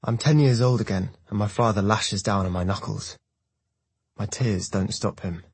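Male audiobook narrator, first person, measured, husky, dry. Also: lowish voice, no echo. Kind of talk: scripted narration.

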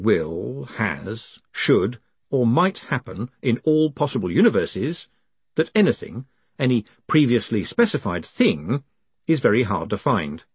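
Husky male audiobook narrator, wry. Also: lowish voice, dry recording. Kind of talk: scripted narration.

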